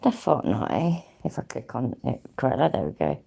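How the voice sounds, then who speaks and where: A woman's voice: a bass voice, very animated, moderate pace, vocal fry, warm tone, breathy edge. An English woman rambling casually on a live stream, thinking aloud, humming to herself and swearing freely. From England.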